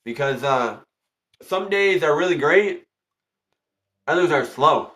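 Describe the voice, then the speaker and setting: Chatty high-voiced man hosting a livestream. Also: expressive, slow pace, fairly bright tone. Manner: repetitive, chatty, greets viewers by name. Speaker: tarot reader hosting a livestream. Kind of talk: casual livestream chat.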